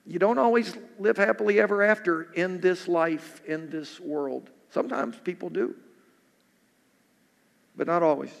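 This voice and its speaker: A man's voice: high-pitched, steady tone, measured pace, vocal fry, fairly bright tone. A male pastor preaching a sermon in an earnest way, repeating questions for emphasis. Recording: echoey hall.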